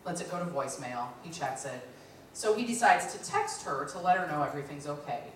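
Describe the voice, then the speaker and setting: A woman's voice: deep voice, lively intonation, brisk. A woman in her thirties tells a stand-up routine in a chatty, storytelling way, acting out other people's lines as she goes. Her voice is caught from a distance by the mic. It bounces around a very echoey room, with faint ambient noise underneath. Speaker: stand-up comedian. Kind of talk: live stand-up comedy. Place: lounge stage.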